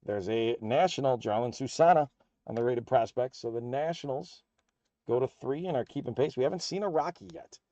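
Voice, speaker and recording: A man with an American accent hosts a live card break and rattles off the player and team for each pull in an upbeat, running patter. His voice is mellow and a little dull in tone. It sounds close and dry, with no room around it. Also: mid-range voice, fairly quick, no room sound.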